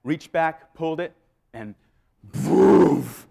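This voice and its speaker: Animated male keynote storyteller. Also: fairly high pitch, normal speed. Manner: animated, acts out scenes and voices. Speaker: keynote speaker. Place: live event before an audience.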